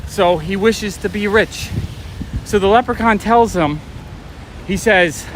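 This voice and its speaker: High-voiced chatty man on a city walk. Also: unhurried. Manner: rambling storyteller, chatty with viewers. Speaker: vlogger. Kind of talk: casual walking livestream chat. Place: city street outdoors. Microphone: phone or camera carried while walking. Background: traffic and street ambience.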